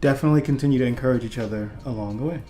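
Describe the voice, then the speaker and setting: A man's voice: mid-range voice, racing, dark tone. Man co-host, supportive and affirming, adds his own points, faint music behind. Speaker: co-host of a couples channel. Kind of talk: casual relationship advice chat.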